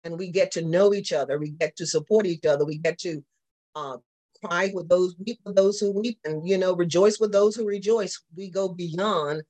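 A man's voice: high voice, normal speed, darkish tone. A man with a Southern accent, teaching a church class and asking the group questions as he goes. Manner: repetitive, asks the class questions. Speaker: pastor.

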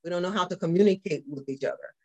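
A pastor with a Southern accent and a high voice speaks quickly while teaching a church class. He repeats himself and keeps asking the group questions as he goes.

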